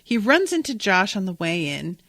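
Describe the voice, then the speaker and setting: A woman's voice: medium pitch, big pitch swings, normal speed, fairly bright tone, no echo, studio quality. A woman hosting a podcast, recapping an episode in casual, enthusiastic, emphatic chat with some swearing. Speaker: podcast host.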